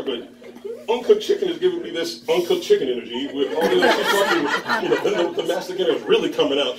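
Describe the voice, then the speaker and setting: This stand-up comedian, a man in his thirties, has a slightly high voice with lively intonation and speaks a little fast. He tells a meandering story at a bar open mic before a live audience, acting out the people involved and laughing at his own lines. The mic is distant and roomy, catching the crowd.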